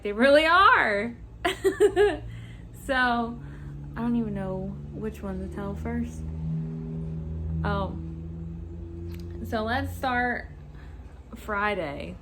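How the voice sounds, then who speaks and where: A young woman telling a casual storytime rant about work, swearing freely, laughing and acting out customers in loud voices. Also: on the high side, slight background noise. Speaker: vlogger.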